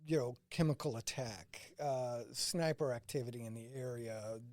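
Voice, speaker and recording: A man's voice: mid-range voice, normal speed, no room sound. A man from St. Louis, a former combat medic, telling stories in a casual interview and quoting people along the way. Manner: animated anecdotes, quoting others in dialogue.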